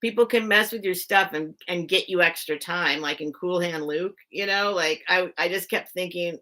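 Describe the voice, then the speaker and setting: A woman's voice: lowish voice, normal speed, few pauses, bright, forceful tone. A woman hosting a live sale stream, casually telling a personal story to her chat, full of "like" fillers and greeting viewers by name.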